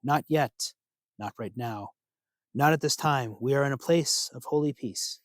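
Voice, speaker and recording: A man voicing a grave chief god who speaks in a solemn, measured way. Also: medium pitch, no room sound, lightly acted.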